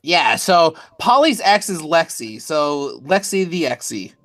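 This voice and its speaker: A woman co-hosting a live, casual recap chat about a TV show, sarcastic and quick to giggle. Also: sits low, lively intonation, no echo.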